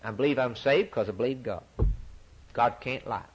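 A man preaching a sermon, repeating phrases for emphasis and swinging from loud declarations to near-whispers. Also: medium pitch, normal speed, slight background noise. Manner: dramatic swings from loud to hushed, repetitive emphasis.

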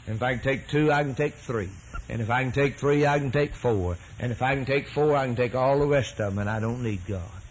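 A man preaching a sermon emphatically, repeating phrases and swelling his pitch and volume to stress key words. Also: slightly rough, low-quality recording.

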